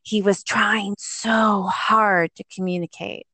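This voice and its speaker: A middle-aged woman, a guest telling a personal story in an animated, conversational way, often acting out the voices of others and laughing. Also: medium pitch, takes it slowly, husky, no echo. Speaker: guest, parent.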